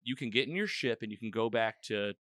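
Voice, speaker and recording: A man's voice: lowish voice, expressive, brisk, pushed and bright, no echo, clean studio sound. A man hosting a podcast, casually recapping an episode in a loose, rambling way and acting out the characters' lines. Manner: loose and rambling, acts out quoted lines, lots of "like". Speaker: podcast host. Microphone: own podcast microphone.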